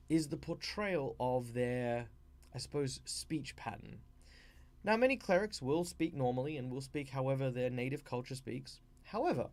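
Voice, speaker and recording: Aussie guy rambling through rpg advice, lots of ums and restarts, mid pitch. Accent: Australian. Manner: rambling, with frequent fillers and restarts. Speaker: channel host. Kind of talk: casual explainer of tabletop role-play tips.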